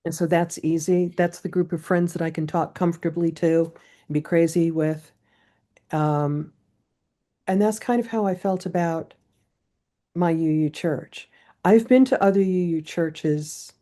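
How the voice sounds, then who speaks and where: A woman's voice: fairly low pitch, steady tone, moderate pace, mellow. A woman poet, a guest in a casual interview, telling stories in a chatty way. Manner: chatty storytelling.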